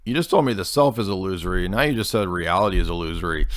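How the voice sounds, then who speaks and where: A man's voice: fairly low pitch, lively intonation, quick pace, few pauses, fairly bright tone, no echo, studio quality. A man hosting a commentary show, reacting to a clip in a sarcastic, mocking way. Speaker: host.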